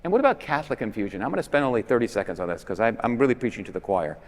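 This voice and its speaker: A man giving a persuasive conference talk with emphatic stresses that drop to quiet endings. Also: big pitch swings, rapid-fire. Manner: emphatic, with swings between loud stresses and low, quiet endings. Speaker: conference speaker. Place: large basilica. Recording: long reverb in a big church.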